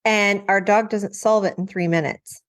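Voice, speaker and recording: A woman's voice: mid-range voice, fairly even intonation, moderate pace. A woman who trains detection dogs, hosting a casual podcast chat and thinking aloud in a reflective way. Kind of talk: casual conversational discussion.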